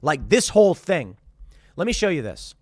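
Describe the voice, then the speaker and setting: Male podcast host in his thirties, higher voice, close dry sound, rambling with restarts. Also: sing-song, moderate pace, no room sound. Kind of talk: casual commentary.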